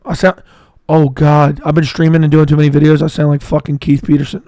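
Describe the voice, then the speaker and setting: A hoarse man hosting a livestream in casual commentary, answering chat with blunt, profane banter. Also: on the high side, level tone, a little fast, dark tone, dry recording, studio quality. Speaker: livestream host.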